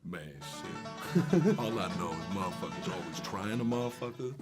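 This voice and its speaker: A man putting on a deep, gruff, profane voice as a joke about his "real" voice. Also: big pitch swings, normal speed, loud music behind the voice.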